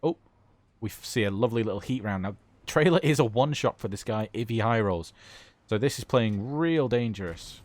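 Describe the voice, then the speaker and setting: A man's voice: on the low side, expressive, a little fast, darkish tone, dry recording. A British man giving enthusiastic, chatty commentary over a gameplay replay as a gaming YouTuber.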